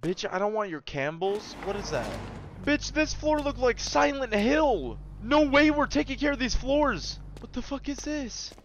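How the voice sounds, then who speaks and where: Jumpy young man, high lively voice. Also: measured pace, lo-fi sound, a little hiss or hum. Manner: profane, jumpy, yelps and shouts when startled. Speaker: gaming video creator. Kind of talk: casual horror game commentary.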